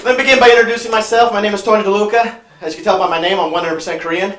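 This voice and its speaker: A man from San Francisco, California, doing stand-up comedy on a small club stage with a loud, punchy delivery that works the crowd. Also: sits high, little pitch movement, rapid-fire, roomy sound.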